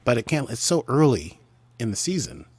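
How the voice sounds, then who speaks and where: A man's voice: medium pitch, very animated, normal speed, slightly rough, no echo. A man co-hosting a podcast in casual chat, talking in a playful, rambling way with jokey asides. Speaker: podcast co-host.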